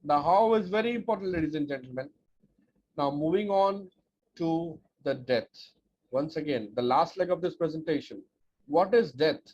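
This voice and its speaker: A man giving an energetic, emphatic webinar talk as a speech coach, with lots of rhetorical repetition. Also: fairly high pitch, normal speed. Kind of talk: webinar presentation. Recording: dull lo-fi audio with faint noise.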